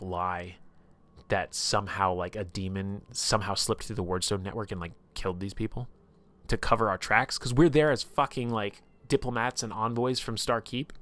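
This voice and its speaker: With a lowish voice, a man recounts his tabletop campaign on a live stream in a loose, animated ramble full of filler words and cursing.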